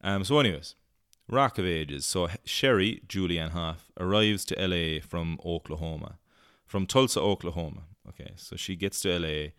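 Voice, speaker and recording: A man's voice: sits low, normal speed, fairly bright tone, clean tone, dry recording, studio quality. A man with an Irish accent, chatting casually through a film review in a rambling way, with many fillers and some swearing. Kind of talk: casual solo review chat.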